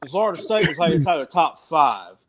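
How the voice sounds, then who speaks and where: Halting, excitable middle-aged man. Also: a little high. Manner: halting, many restarts, excitable outbursts. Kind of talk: casual sports chat.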